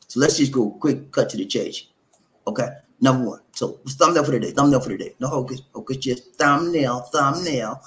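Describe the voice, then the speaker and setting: A man's voice: on the low side, fairly bright tone. A middle-aged man hosting a live advice talk, preachy and repetitive, calling viewers his friends. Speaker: host of a relationship channel.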